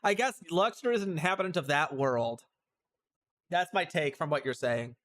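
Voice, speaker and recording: A male streamer giving chatty, animated commentary on a game, with sudden outbursts. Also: on the high side, moderate pace. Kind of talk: casual let's-play commentary.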